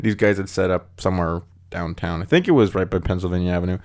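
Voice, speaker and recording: Young guy on a podcast, kinda low voice, right up on the mic, rambles and trips over words. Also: quick pace, darkish tone. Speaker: podcast host. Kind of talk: casual chat. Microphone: close to the microphone.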